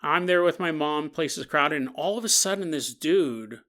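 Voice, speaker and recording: A man's voice: fairly high pitch, lively intonation, normal speed, bright, forceful tone. A man in his forties hosting a podcast, telling stories in a rambling, casual way, correcting himself and chuckling as he goes. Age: 40s. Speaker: podcast host.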